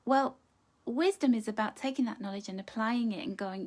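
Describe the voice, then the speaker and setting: Middle-aged female card reader, soft-spoken and encouraging, slightly higher pitch. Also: normal speed, few pauses. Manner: gentle, encouraging, chatty, greets viewers by name. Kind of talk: live pick-a-card reading.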